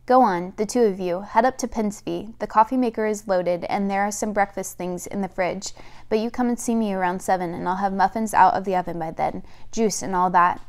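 A woman's voice: mid-range voice, steady tone, brisk, a little mellow, lightly acted. This is a middle-aged mother who has lost her little girl, talking through grief with earnest, tearful resolve. She leans on staying busy to get by, voiced plainly by a woman reading a novel aloud. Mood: bright.

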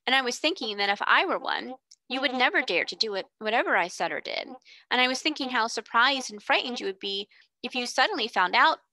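A woman doing a calm, proud little princess of a girl. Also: on the high side, a little fast, no echo. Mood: composed. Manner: grand, polite and composed. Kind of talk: storybook reading.

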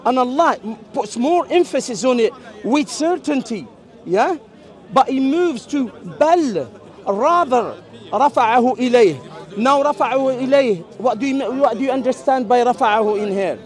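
A man in an open-air debate, explaining points at length, cutting in on others and reciting Arabic verses quickly. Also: very high-pitched, expressive, some chatter behind. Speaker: street debater. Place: outdoor public park.

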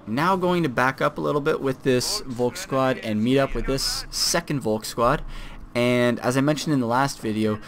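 A young man giving casual, self-deprecating commentary on a strategy game replay, with fillers and restarts. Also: medium pitch.

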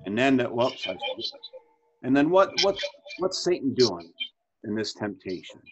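A man's voice: mid-range voice, sing-song, unhurried, breathy edge, faint music behind. A man in his fifties, a pastor leading a Bible study discussion over a video call, talking conversationally, asking questions and often restarting his sentences. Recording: dull lo-fi video call audio.

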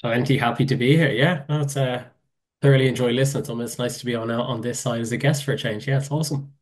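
A man from Ireland, a festival promoter appearing as a podcast guest, talking in a laid-back, quiet way that trails off. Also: medium pitch, steady tone, fast. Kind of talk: casual podcast chat.

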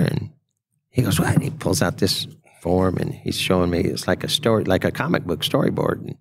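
A man's voice: sits low, expressive, brisk, vocal fry, husky, dry recording. A man, a podcast guest telling a casual story and acting out the quotes in a raised voice. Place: trade show.

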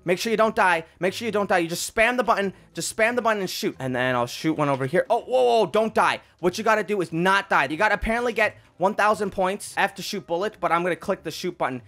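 An excitable man narrating a game walkthrough, talking straight to his viewers. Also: high-pitched, fast, few pauses. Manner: excitable, addresses viewers as guys and ladies and gentlemen. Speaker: gaming video creator. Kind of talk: gameplay walkthrough commentary.

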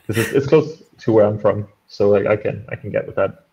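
Low-voiced man, dull lo-fi audio. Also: a little fast, gravelly, a little mellow. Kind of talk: casual group chat.

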